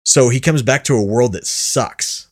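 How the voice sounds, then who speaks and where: A man's voice: mid-range voice, measured pace. A man hosting a casual podcast chat, rambling and restarting his sentences, swearing freely. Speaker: podcast host.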